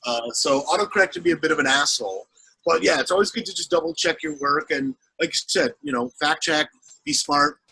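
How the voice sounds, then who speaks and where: A man's voice: on the high side, sing-song, brisk, vocal fry, sharp tone, slightly rough, low-quality recording. A man, an actor and comedian, rambling animatedly in a casual interview chat and acting out the people he quotes.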